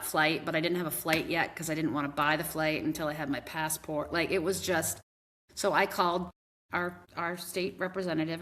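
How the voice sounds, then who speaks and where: A woman's voice: sits low, a bit bright. A woman advocate in a podcast conversation, telling a painful family story earnestly, with many restarts.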